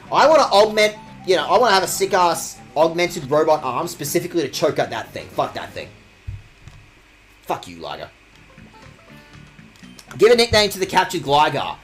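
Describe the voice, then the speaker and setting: Animated, expressive young man streaming a game. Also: fairly high pitch. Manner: expressive, mock-outraged, swears a lot, reads game text aloud. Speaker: streamer playing a video game. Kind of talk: casual let's-play commentary.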